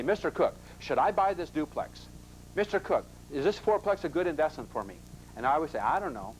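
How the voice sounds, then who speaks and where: A man's voice: mid-range voice, a little hiss or hum, rough recording. A man teaching a live investment seminar in a classroom, emphatic and constantly asking the audience rhetorical questions.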